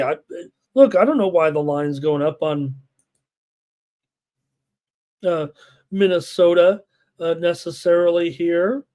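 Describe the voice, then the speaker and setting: A man with a fairly high, darkish voice hosts a live sports betting show. He rattles off statistics, lineups and viewer chat, his delivery packed with filler uhs.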